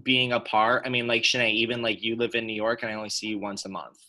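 A young adult man in casual chat with friends, relaxed and chatty, filling his talk with "like". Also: fairly low pitch, fast talker.

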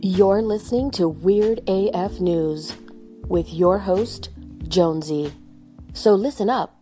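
A woman reading a podcast promo as its announcer, in a drawn-out style. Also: medium pitch, warm tone, soft background music, close to an everyday voice. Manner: slow, drawn-out promo read. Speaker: show announcer. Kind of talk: scripted promo.

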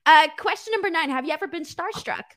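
A woman interviewing a guest in a friendly, casual way, agreeing warmly and reading out numbered questions. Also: extremely high pitch, lively intonation, fast.

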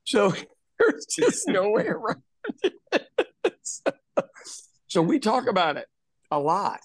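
High-voiced man telling stories. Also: takes it slowly, no room sound. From Ireland. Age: about 60. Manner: animated storyteller, swears freely. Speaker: podcast host and pub owner. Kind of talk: casual storytelling chat.

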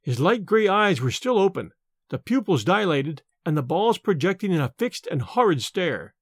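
A man narrating a classic horror story with a dramatic, expressive reading. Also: high-pitched, normal speed, breathy edge, no echo, studio quality.

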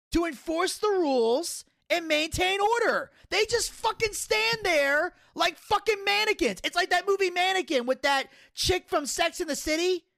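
A podcast co-host with a notably high voice and a gravelly, fried edge. He rants heatedly and swears freely, hammering his point with rhetorical questions. The tone stays loose and unscripted, like friends talking. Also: bright, forceful tone. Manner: heated, profane ranting. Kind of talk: casual podcast chat.

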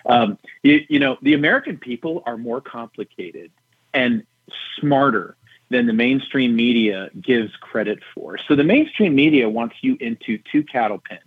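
A middle-aged man talks as a guest, measured and emphatic, with a husky edge to his voice. He comes through a tinny phone line that sounds dry and close. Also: medium pitch, lively intonation, dry recording. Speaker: guest, retired general. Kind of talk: political talk show interview.

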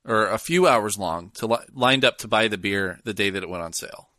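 A man's voice: fairly low pitch, fairly quick, pushed and bright, no room sound, clean studio sound. A man co-hosting a casual chat, wry and reading news snippets aloud.

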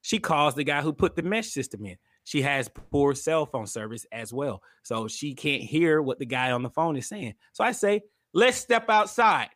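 A young man co-hosting a podcast, telling a heated story in casual, profane chat and loudly acting out what people said. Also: mid-range voice, moderate pace, hardly any pauses, no echo, studio quality. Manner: animated, profane, acts out quotes loudly. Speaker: podcast co-host.

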